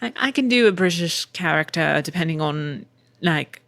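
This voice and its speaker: A woman's voice: deep voice, lively intonation, moderate pace, vocal fry, fairly bright tone, no echo. A middle-aged woman hosting a casual solo podcast, chatty and candid, swearing freely with wry asides. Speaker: podcast host and voice actor.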